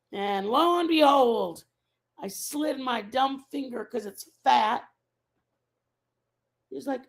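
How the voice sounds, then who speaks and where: A woman's voice: medium pitch, animated, slow pace, gravelly, pauses often. A woman hosting a casual live stream, rambling and chatting with her viewers and answering their messages by name.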